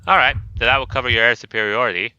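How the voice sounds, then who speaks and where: Bright, crisp-voiced gaming host. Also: male voice, medium pitch, racing, no echo. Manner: joking, easygoing, breezy. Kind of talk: casual gaming chat. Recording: dull lo-fi dry mic.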